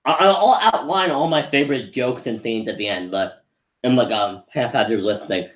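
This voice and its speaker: A man's voice: mid-range voice, normal speed. A man giving a casual movie review, rambling and often restarting his sentences as he laughs along. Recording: roomy echo.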